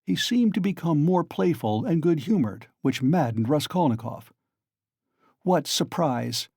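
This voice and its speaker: Male audiobook narrator, slightly higher pitch, mellow tone, measured narration. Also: expressive, breathy edge, dry recording, clean studio sound. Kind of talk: scripted narration.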